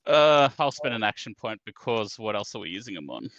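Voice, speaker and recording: A man's voice: on the low side, very animated, fairly quick, fairly bright tone, dry recording, muffled recording. A man playing a tabletop game, thinking aloud hesitantly as he rolls dice. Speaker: player. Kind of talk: tabletop game play chat.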